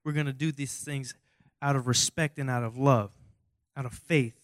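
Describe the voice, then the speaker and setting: Goofy young preacher with a drawl. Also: male voice, mid-range voice, fairly even intonation, normal speed, no room sound, clean studio sound. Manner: goofy, self-mocking, rambling with asides; rhetorical questions to the audience. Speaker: youth preacher. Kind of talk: casual joking sermon.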